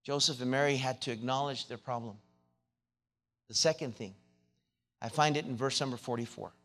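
A man preaching a sermon, telling a childhood story and then building into loud, rising exhortation with many repeated words and restarts. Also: steady tone, normal speed. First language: not English. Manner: restarts and repeated words, grows louder and higher when preaching.

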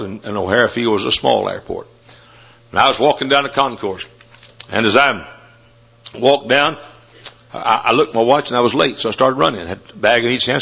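A man preaching a sermon, telling stories and rising to loud, fervent shouts. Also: medium pitch, vocal fry, breathy edge. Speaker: Baptist preacher. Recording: dull lo-fi sermon recording.

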